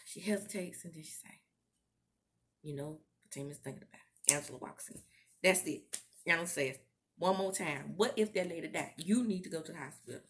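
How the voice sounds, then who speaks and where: Animated woman recapping a TV show. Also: sits low, normal speed, long pauses, a little hiss or hum. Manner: animated, laughing, acts out quotes in character. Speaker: TV recap vlogger.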